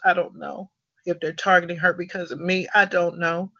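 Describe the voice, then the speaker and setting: Earnest halting man, bright tense voice. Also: high voice, level tone, dry recording, dull audio. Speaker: host of a support conference call. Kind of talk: conference call sharing.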